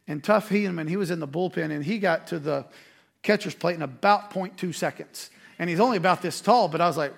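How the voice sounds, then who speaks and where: A man, a pastor preaching a sermon and telling a self-deprecating story with animated energy. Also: high voice, a little fast, gravelly.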